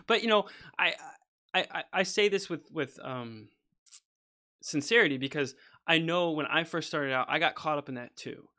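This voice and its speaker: A composer streams his music session from a home studio, talking casually as he works in a rambling, opinionated way, restarting sentences often and climbing onto his soapbox. His voice is fairly high, bright, and a little tense, at a normal speed, and he keeps saying "freaking" and "you know."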